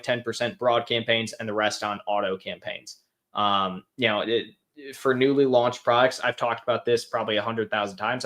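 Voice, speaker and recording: A man's voice: on the low side, fairly bright tone. A young man hosting a live question-and-answer stream, talking offhand with lots of fillers and restarts. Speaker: host answering viewer questions. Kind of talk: casual live Q&A.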